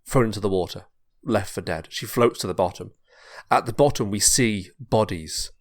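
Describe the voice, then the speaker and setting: A man on a podcast, casually narrating a pitched story, rambling and repeating words. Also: normal speed. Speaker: podcast host.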